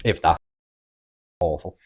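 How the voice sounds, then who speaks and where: A young man with a Scouse accent from Liverpool, hosting a podcast of casual, sweary banter. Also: takes it slowly. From Liverpool, England. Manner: swearing, laughing, loud bursts of excitement. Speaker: podcast host.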